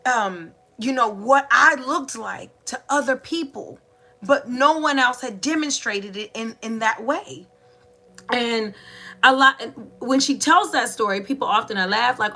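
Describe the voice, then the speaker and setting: A woman in her thirties hosting a podcast, telling family stories in a casual, animated way and acting out the voices of her relatives. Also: a little high, measured pace. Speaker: podcast host. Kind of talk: casual storytelling monologue.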